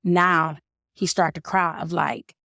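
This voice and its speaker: A woman's voice: fairly low pitch, fairly even intonation, slow pace, gravelly, sharp tone, no room sound, clean studio sound. A middle-aged woman, a mother and podcast guest, earnestly filling in details of her son's story in casual talk. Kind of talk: casual conversation.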